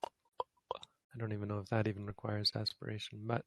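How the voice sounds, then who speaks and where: A man's voice: on the low side, monotone, moderate pace, creaky, pauses often, fairly bright tone, dry recording. A man teaching a language lesson, patiently explaining and demonstrating sounds over and over.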